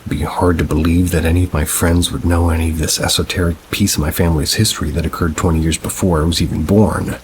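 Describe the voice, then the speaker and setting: A man reading first-person paranormal stories aloud in a measured, unhurried storytelling manner. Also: deep voice, little pitch movement, background noise. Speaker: narrator.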